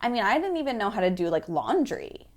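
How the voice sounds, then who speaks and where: A woman in her thirties from the American South, a guest telling stories in a casual interview, animated and laughing often. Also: medium pitch, fast talker. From Florida, American South.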